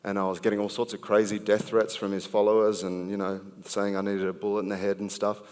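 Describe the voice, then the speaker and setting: A man's voice: fairly low pitch, level tone, darkish tone, smooth. An Australian man performing spoken word poetry, with rhythmic, punchy phrasing and easygoing talk between poems. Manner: rhythmic, punchy delivery, slow deliberate phrasing. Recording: long hall reverb.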